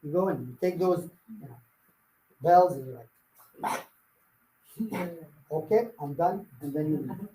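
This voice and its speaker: A man's voice: fairly high pitch, fairly quick, long pauses, warm tone, reverberant, low-quality recording. A man leading a live sales coaching workshop, blunt and firing rhetorical questions at his audience. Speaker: real estate sales trainer.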